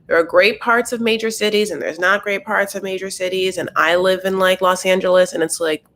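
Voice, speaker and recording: A woman's voice: medium pitch, fairly even intonation, a little fast, fairly bright tone, a little hiss or hum. Chatty woman doing a show recap, ranty and foul-mouthed. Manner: gossipy, profane, ranting. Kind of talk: casual recap chat.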